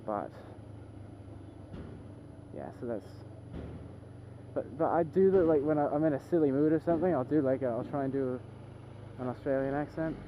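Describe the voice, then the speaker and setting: A man's voice: mid-range voice, normal speed, pauses often, narrow, tinny audio. A young man talking casually to the camera while he drives, rambling and self-deprecating, with many restarts. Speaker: vlogger. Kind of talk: casual driving vlog. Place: inside a moving car. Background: car and road noise.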